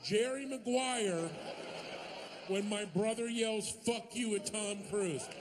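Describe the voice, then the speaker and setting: A man performing stand-up comedy, telling stories with animated swings and sudden shouted punchlines. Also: high voice, takes it slowly, noisy background. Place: comedy stage before a live audience.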